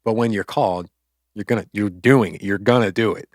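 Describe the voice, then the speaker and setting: A man co-hosting a faith podcast, casually retelling a Bible story in loose, chatty speech, with quick asides and quoted lines. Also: lowish voice, no room sound, studio quality. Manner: loose, conversational, acts out quotes with filler words. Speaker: podcast co-host.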